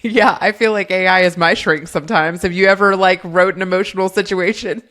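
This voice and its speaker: A woman's voice: fairly low pitch, fairly even intonation, a little fast, a bit bright. A woman hosts a casual podcast conversation. She is chatty and easygoing, laughs readily, and jumps in to complete her guest's ideas. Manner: chatty, laughs often, finishes the guest's thoughts. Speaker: podcast host.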